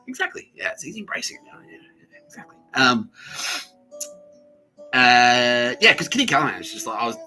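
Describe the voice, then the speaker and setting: In a mid-range voice that's bright and forceful, a man runs a solo podcast over a low-quality recording. It's crude, giggly, jokey rambling with frequent laughter, aimed at an absent listener.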